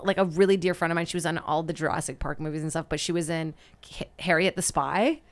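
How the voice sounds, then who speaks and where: A woman in her thirties who grew up in Brazil and speaks with a slight Brazilian Portuguese accent and an American valley-girl lilt. Her voice sits a bit low and carries a gravelly fry. She chats in an animated, loose way and often drops into quick impressions. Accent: Brazilian Portuguese, with American valley-girl inflection. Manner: chatty, animated, drifts into impressions and laughs. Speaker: comedian, guest. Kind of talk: casual podcast chat.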